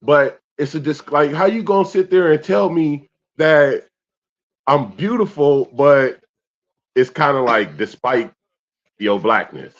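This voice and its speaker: A young adult man co-hosting a casual talk show, animated and profane, reading out comments from viewers. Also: on the high side, unhurried. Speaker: podcast co-host. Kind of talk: casual chat. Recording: dull lo-fi sound.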